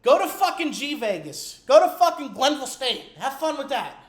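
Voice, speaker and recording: A woman's voice: high voice, big pitch swings, normal speed. A woman sports fan at home, delivering a furious, profanity-laden rant that keeps repeating itself. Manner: furious, profane, repetitive ranting. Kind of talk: angry rant to camera. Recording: echoey room.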